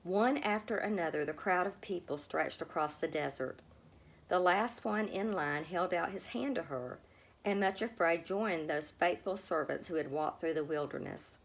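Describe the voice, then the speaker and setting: A woman reading a children's storybook aloud, with a gentle, expressive manner. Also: on the low side, moderate pace, creaky. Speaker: storybook reader. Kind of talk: storybook read-aloud narration.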